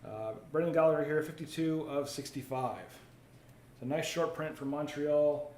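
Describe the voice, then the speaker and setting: A man's voice: on the high side, normal speed, a little mellow. Chatty man hosting a card break. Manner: chatty, reads viewer comments aloud while opening packs. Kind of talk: live card break commentary. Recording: roomy echo, faint ambient noise.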